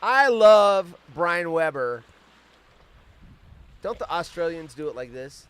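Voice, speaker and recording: A man's voice: fairly high pitch, lively intonation, fairly bright tone, clear, resonant tone, no room sound. A man in his fifties hosting a casual live stream from outdoors on vacation, rambling off on tangents and swearing freely. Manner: profane, rambling, quick tangents. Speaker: host.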